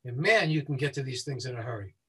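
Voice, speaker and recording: A man working as a safety consultant. He speaks quickly and explains things step by step as a guest who walks listeners through a website. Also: mid-range voice, expressive, fairly bright tone, husky, low-quality recording.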